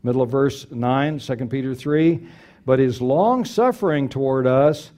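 A man's voice: mid-range voice, a little slow, warm tone. A middle-aged man preaching a sermon, earnest and emphatic, repeating key phrases for weight.

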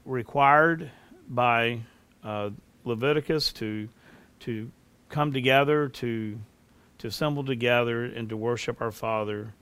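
Man preaching a measured holy-day sermon. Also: medium pitch, fairly bright tone, clear, resonant tone, dry recording. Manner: earnest, measured preaching with scripture reading. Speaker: pastor.

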